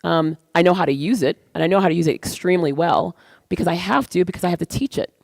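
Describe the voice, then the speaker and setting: Energetic woman guest speaker, animated talker, dry sound. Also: lowish voice, fast, gravelly, dry recording. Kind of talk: stage talk. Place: event stage.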